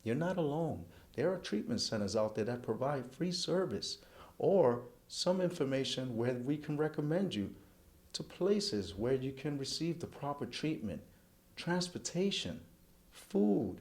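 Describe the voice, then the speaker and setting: A man's voice: mid-range voice, very animated, unhurried, a little mellow. A middle-aged man, a charity event chairman speaking earnestly in an interview and running through long lists.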